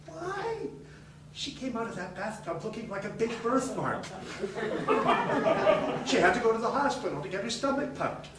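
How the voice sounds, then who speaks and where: An actor playing a bitter boastful loser. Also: male voice, high-pitched, big pitch swings, moderate pace, long pauses, recorded from a distance. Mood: indignant. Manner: stammering repetitions, sarcastic, bursts of shouting. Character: bitter, boastful middle-aged male loser in group therapy. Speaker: stage monologue character. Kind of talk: live theatre monologue. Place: theatre stage. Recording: echoey theatre recorded from afar, noisy.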